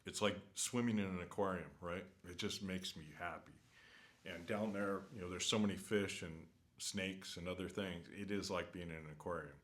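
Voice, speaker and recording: A man's voice: low-pitched, fairly even intonation, normal speed, fairly bright tone. A man vlogging from a hotel room, rambling in an earnest, opinionated rant with lots of fillers and restarts. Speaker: travel vlogger. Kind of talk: casual unscripted rant.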